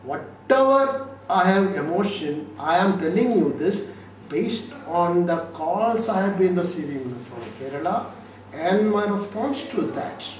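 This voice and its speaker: A high-voiced man from India gives emphatic interview answers, piling up repeated phrases and rhetorical questions. He sits far from the microphone in a very echoey room, with faint noise underneath. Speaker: lawyer interviewee.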